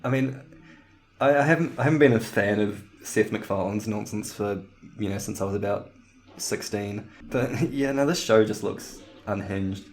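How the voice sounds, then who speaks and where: Casual podcast co-host, young man, deep-ish voice, rambling and giggly. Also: normal speed. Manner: laughs often, trails off and restarts.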